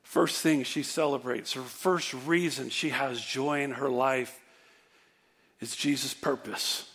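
A man preaching a sermon, animated, rising to emphatic near-shouts and dropping low and soft for contrast. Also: takes it slowly. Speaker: pastor.

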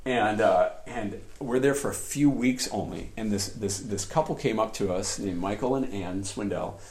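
A man preaching a sermon in a lively storytelling way, often laughing as he tells personal stories. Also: lowish voice, normal speed. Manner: animated, laughs often while telling stories. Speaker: pastor.

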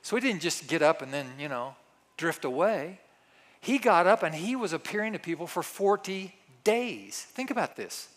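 Middle-aged male pastor, higher voice, lively sermon delivery that acts out quoted lines. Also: moderate pace.

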